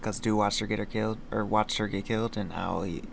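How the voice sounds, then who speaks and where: A man's voice: on the low side, steady tone, brisk, creaky, slight background noise. Rambling young man explaining his lyrics. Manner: rambling, filler-heavy, slangy. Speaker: streamer explaining his song. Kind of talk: casual livestream chat.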